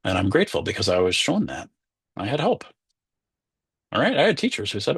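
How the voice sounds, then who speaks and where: A man's voice: on the low side, wildly swooping pitch, brisk, gravelly, pauses often, fairly bright tone, husky, no echo. A man, a Zen teacher, giving a conversational dharma talk and acting out inner voices.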